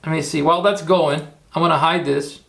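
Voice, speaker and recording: Gravelly man hosting a livestream. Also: on the high side, fairly even intonation, a little fast, fairly bright tone. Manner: rambling, repeats himself, talks to chat. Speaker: livestream host. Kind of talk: casual tutorial livestream.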